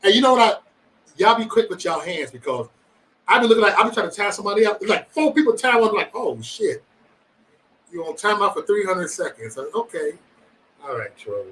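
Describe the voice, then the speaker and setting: A man's voice: sits high, fast talker, far from the mic, low-quality recording. A man hosting a casual livestream, chatting loosely and profanely with his viewers. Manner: loose, profane, animated banter with chat. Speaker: livestream host.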